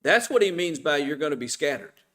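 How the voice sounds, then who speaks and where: A man's voice: fairly high pitch, big pitch swings, fairly quick, fairly bright tone. Middle-aged man teaching a Bible class. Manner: asks the class questions and answers them himself. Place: church.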